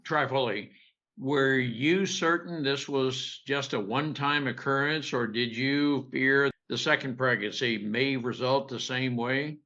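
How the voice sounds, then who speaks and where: Interviewer, a man with a bright, sharp voice, asks careful questions; muffled lo-fi recording. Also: medium pitch, a little slow.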